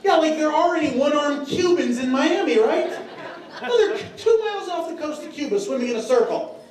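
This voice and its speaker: A man's voice: extremely high pitch, expressive, fairly quick, a crowd in the background. A man from Tennessee, doing a stand-up comedy set in a drawling, storytelling way with lots of fillers. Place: comedy club stage. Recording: echoey room from a distance.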